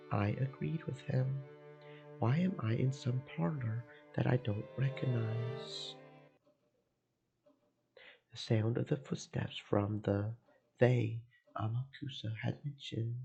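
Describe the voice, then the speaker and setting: A man streaming a let's play, reading first-person visual novel narration aloud in a slow, emotive way with game music behind. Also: medium pitch, vocal fry. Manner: slow, emotive reading that swells into panicked repetition.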